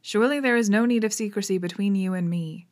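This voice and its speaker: A woman's voice: mid-range voice, fast talker, darkish tone, close to an everyday voice. Earnest male victorian doctor, questioning, read by a woman, audiobook.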